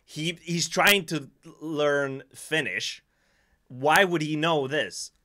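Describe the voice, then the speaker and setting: A man's voice: a little high, slow. A man from Sweden with a Swedish accent, chatting casually on a live stream and often laughing at himself. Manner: animated, laughing, self-deprecating.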